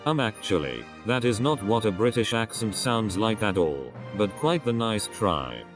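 A man's voice: lowish voice, very animated, normal speed, over music. A man putting on a snooty voice to correct a fake British accent.

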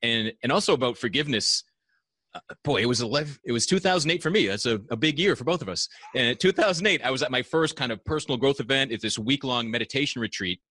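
A man speaking casually and confessionally, halting and restarting often. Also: medium pitch, animated, bright, forceful tone, no echo. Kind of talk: casual conversation.

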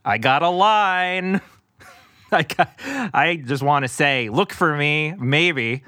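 A man's voice: a little high, lively intonation, slow, pushed and bright, clean tone, no room sound, studio quality. A man in his forties, co-hosting a podcast, telling a rambling story in casual chat and laughing often. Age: 40s. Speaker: podcast co-host.

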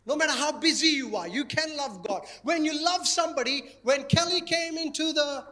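Male pastor with a very high voice, playful, lively sermon delivery. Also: moderate pace. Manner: animated, playful, repeats key phrases.

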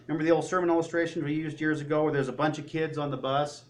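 A man preaching a sermon, swinging between loud, high peaks and low, quiet asides. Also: little pitch movement, racing.

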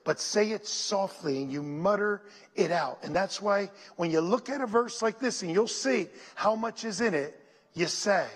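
In a church sanctuary, a male pastor preaches slowly, leading his congregation in call-and-response repetition of scripture lines and dropping to a near whisper on them. His voice is high with a breathy edge, and the large hall gives long reverb.

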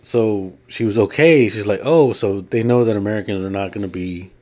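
Low-voiced rambling male podcast storyteller. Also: moderate pace, a little mellow. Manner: rambling storyteller, quotes people in his own voice. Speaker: podcast co-host. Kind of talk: casual chat.

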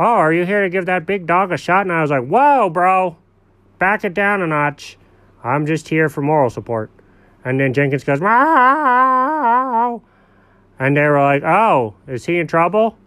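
A man voicing a goofy, dim-witted dog who hosts a podcast and tells stories in a low, slow, dopey way. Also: a bit bright, smooth, dry recording, natural voice. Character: goofy big-hearted male dog, dim and cheerful. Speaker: podcast host figure.

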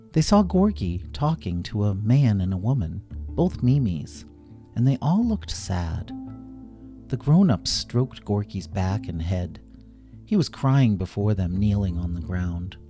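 A man narrating a children's story in an animated way, acting out every character himself. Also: deep voice, unhurried, faint music behind.

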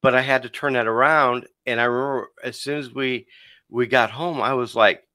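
A man on a podcast telling a personal story in a lively, conversational way, acting out the dialogue and calling the listener "dude.". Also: medium pitch, normal speed, no echo. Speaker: podcast guest.

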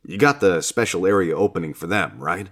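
Casting: man voicing a chill, cussing God, very deep voice, lively swinging delivery, audiobook. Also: a little fast. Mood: joking. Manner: relaxed, coaxing, swears freely. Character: laid-back, foul-mouthed male God, casual bro. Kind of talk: audiobook character reading.

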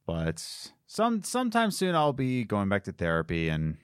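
A man's voice: on the low side, huge pitch swings, normal speed, clean tone, dry recording, studio quality. A man co-hosting a podcast in casual chat, joking and teasing. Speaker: podcast co-host.

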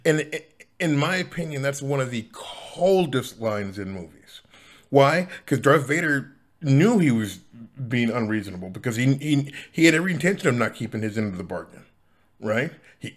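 A man hosting a casual solo podcast, talking in a rambling way with many fillers, restarts and chuckles. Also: mid-range voice. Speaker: podcast host.

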